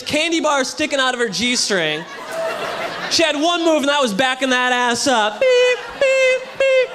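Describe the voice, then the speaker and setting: A man doing a loud, punchy stand-up comedy set on a hotel ballroom stage, with a live audience audible. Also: very high voice, noisy background. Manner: loud, punchy delivery to a crowd.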